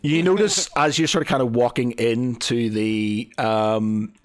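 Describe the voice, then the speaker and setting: A man's voice: mid-range voice, a little slow. A man running a tabletop game as game master, narrating with many fillers and restarts. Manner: hesitant, full of fillers and restarts.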